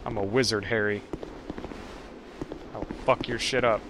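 A man giving casual gameplay commentary, swearing and talking back to the game, with loud game noise behind him. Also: on the low side, a little slow. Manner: profane, excitable, talking to the game. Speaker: let's play gamer.

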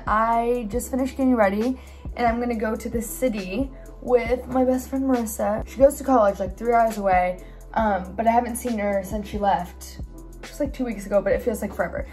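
A bubbly young woman talks through her day for a vlog, her voice sitting a little on the high side. She's chatty and loose, filling gaps with "like" and "um". Faint music runs softly underneath. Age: young adult. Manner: chatty, filler-heavy, bubbly. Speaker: vlogger. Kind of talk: casual vlog chat.

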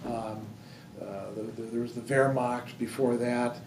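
A man's voice: medium pitch, fairly even intonation, measured pace, vocal fry, darkish tone. A man leading a book discussion in a library room, thinking aloud with many fillers and restarts. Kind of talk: casual discussion. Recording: roomy hall, distant mic, faint noise.

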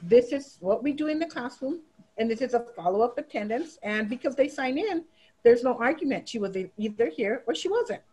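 Female educator, middle-aged, higher-pitched, animated storyteller for a teacher training session. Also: a little fast, slightly rough, poor audio. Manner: animated, acts out students' voices in quotes. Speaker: teacher giving a training talk. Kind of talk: storytelling presentation.

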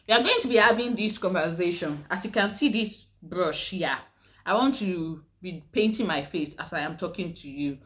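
A woman's voice: fairly low pitch, fairly bright tone. A woman with a Nigerian accent chatting to camera as a vlogger, full of rhetorical questions. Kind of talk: casual chat to camera.

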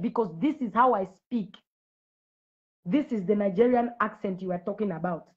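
A woman's voice: medium pitch, moderate pace, muffled recording. Woman from zambia, preacher, livestream address, confrontational, repeats her challenges. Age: adult with school-age children. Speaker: Christian preacher on a live video.

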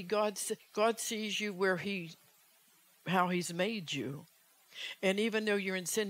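A woman evangelist preaching a fervent sermon, urgent in tone and pressing the listeners with rhetorical questions. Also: low voice.

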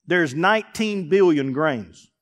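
A man, a pastor preaching a sermon to a congregation in a church, emphatic and building to shouts. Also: on the high side, lively intonation, slow. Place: church sanctuary before a congregation.

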